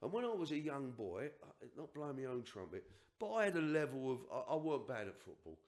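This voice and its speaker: A man's voice: mid-range voice, big pitch swings, fast talker, darkish tone. An older man on a podcast, telling a personal story in an emphatic, rambling way with restarts and asides. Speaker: podcast guest.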